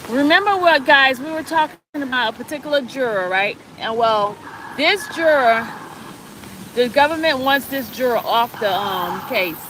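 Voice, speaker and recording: Woman, outdoor live stream, coaxing viewers, higher voice, clear street noise. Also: animated, moderate pace. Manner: coaxing viewers to join and share. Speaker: live-streamer giving an update. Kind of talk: casual live-stream update.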